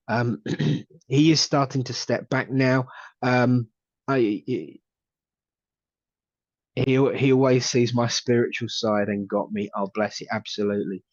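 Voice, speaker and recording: A man giving a live psychic reading, talking haltingly with lots of fillers and repeated words. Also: mid-range voice, fairly even intonation, dry recording, lo-fi sound. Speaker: psychic medium.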